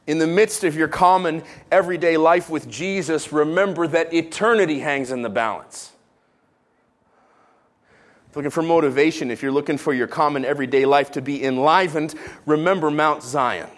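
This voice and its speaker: Pastor guy preaching, kinda high voice, jokey, gets loud then drops real quiet. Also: steady tone, fairly quick. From Israel. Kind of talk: sermon.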